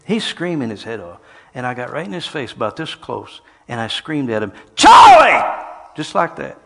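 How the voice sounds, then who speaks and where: Older guy preaching, goes quiet then shouts, big echoey hall. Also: medium pitch, animated, a little fast, gravelly. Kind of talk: sermon. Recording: long hall reverb.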